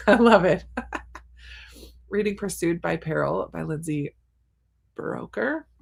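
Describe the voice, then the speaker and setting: A woman's voice: lowish voice, creaky. A woman hosting a cozy reading livestream from her attic, reading viewers' comments aloud and reacting with frequent laughs. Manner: laughs often between comments. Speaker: booktuber host reading live chat. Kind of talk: casual livestream chat. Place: home attic.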